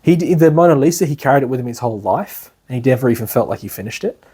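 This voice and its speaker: A man's voice: medium pitch, lively intonation, rapid-fire, warm tone, husky. A man giving a class as an instructor, talking loosely with many fillers and restarts. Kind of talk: lecture.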